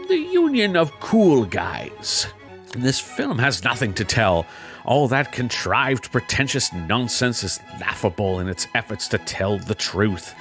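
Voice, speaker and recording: Lively, sarcastic man reading reviews. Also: mid-range voice. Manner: sarcastic, mocking asides. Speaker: host. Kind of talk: comedic reading of online reviews.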